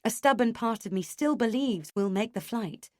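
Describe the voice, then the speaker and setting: A woman's voice: a little high, expressive, moderate pace, no echo. Woman narrating a thriller, dry close. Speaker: audiobook narrator. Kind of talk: first-person audiobook narration.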